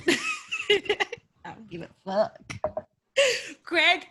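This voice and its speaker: A woman's voice: fairly high pitch, sing-song, drawn-out words, pushed and bright, slightly rough. A woman co-hosting a podcast, talking casually and gushing emotionally. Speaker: podcast co-host. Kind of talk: casual wrestling chat.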